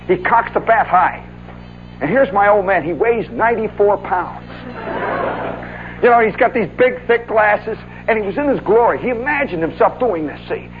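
A man's voice: sits high, normal speed, faint music behind. Folksy man reminiscing, tinny radio. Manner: animated, folksy, says "see" and "oh, yeah" often. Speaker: storyteller. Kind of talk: spoken monologue recollection.

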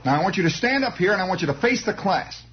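A man voicing a fussy, bossy female singing teacher who talks in slow, drawn-out, sing-song commands. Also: sits high, animated, breathy edge, voice pushed up, heavily acted. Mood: scolding. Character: prim fussy female schoolteacher, middle-aged, bossy. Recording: dull lo-fi recording.

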